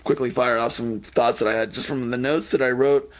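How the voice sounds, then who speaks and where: A man's voice: mid-range voice, steady tone, brisk. A man hosting a casual podcast, reading jokes from his notes and laughing at his own lines. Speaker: podcast host.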